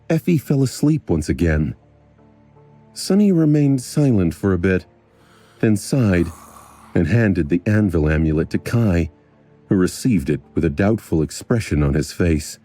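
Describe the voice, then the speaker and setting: A man reading a fantasy novel aloud as a narrator, in a measured, even storytelling delivery. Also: sits low. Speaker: audiobook narrator. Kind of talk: scripted narration.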